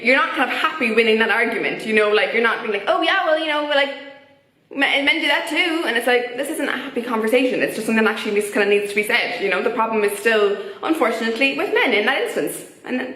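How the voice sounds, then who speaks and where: A woman's voice: on the high side, bright, forceful tone. A young woman with an Irish accent giving her opinions in a casual vlog, chatty and full of filler words. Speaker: vlogger. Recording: echoey room.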